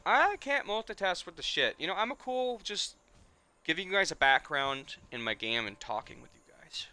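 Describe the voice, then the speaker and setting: A man's voice: sits high, expressive, normal speed, bright, forceful tone, clear, resonant tone. A man in his twenties, a streamer, chatting casually and emotionally in a rambling way and swearing often. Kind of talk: casual nostalgic chat.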